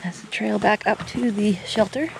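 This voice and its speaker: A woman's voice: mid-range voice, moderate pace, vocal fry, background noise. A woman vlogging a hike, chatting casually to her handheld camera at an outdoor campsite. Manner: relaxed, chatty, with many fillers. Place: outdoor campsite by a trail shelter. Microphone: handheld camera held by the speaker.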